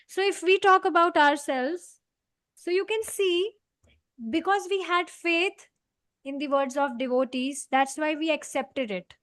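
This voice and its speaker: Brief: woman teacher, high bright register, explains scripture earnestly. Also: no echo. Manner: earnest, explaining, frequent "you know" fillers. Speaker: study group leader. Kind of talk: devotional scripture class.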